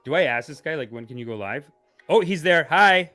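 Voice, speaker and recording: A man hosting a comedic live stream. He swings between hushed mock-spiritual calm and loud excited outbursts, laughing often. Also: a little high, fairly quick, soft background music. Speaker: livestream host.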